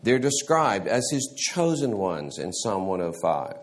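A man teaching a church Sunday school class in a halting way, restarting words and often clearing his throat. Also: lowish voice, very animated.

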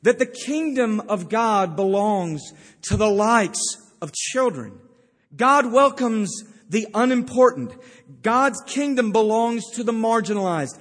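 A man's voice: sits high, animated, slow pace, fairly bright tone, long reverb tail. A male pastor preaching a sermon, with emphatic storytelling. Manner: emphatic storytelling with acted-out quotes.

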